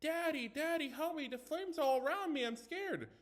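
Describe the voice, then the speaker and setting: A man's voice: lively intonation, normal speed. A man voicing a teenage boy who mockingly screams like a child trapped in a fire, in a storybook reading. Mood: mock screaming. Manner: shrill, taunting screams.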